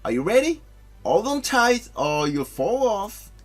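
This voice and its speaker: A brash young dragon knight apprentice, teasing and sure of himself, as a man reads his lines aloud. His voice sits a little high. Soft music plays underneath. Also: big pitch swings, measured pace. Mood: bossy.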